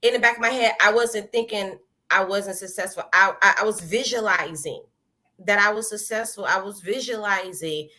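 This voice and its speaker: Woman telling her testimony, bright voice, acts out her own lines, laughs a lot. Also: mid-range voice, normal speed. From American South. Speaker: guest giving a testimony. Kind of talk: animated personal storytelling.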